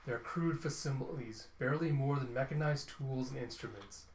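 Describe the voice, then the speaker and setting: A man voicing a proud male inventor who turns desperate, read slowly and grandly from a comic. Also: medium pitch, a little hiss or hum, close to an everyday voice. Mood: grandiose. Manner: slow, grandiose reading of lines. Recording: roomy echo.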